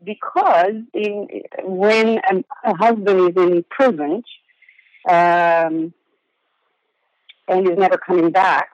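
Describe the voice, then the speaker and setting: A woman's voice: on the low side, no echo. An Italian-born woman, Italian her first language, chatting as a guest in an interview. She talks emphatically and circles back over her words. The sound is dull and lo-fi, with a dry, close feel. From Italy. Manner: emphatic, repeats words while searching for them. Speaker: actress guest. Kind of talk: casual interview.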